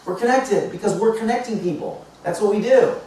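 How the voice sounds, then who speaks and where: A man's voice: high-pitched, brisk, a little hiss or hum. Man telling a story in an echoey hall. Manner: lively, acts out dialogue in the story. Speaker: motivational speaker. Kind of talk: storytelling talk to a live audience. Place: large indoor hall. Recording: echoey hall picked up from far off.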